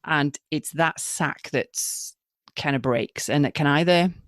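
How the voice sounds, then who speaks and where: A woman's voice: low-pitched, takes it slowly, no echo, studio quality. A woman midwife co-hosting a podcast, explaining things plainly and laughing easily. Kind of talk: podcast conversation.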